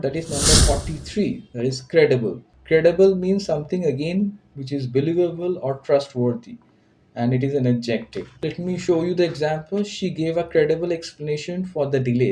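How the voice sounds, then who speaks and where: A man's voice: a little high, a little fast, warm tone, poor audio. A man teaching an English vocabulary lesson, patiently repeating and restating each word's meaning.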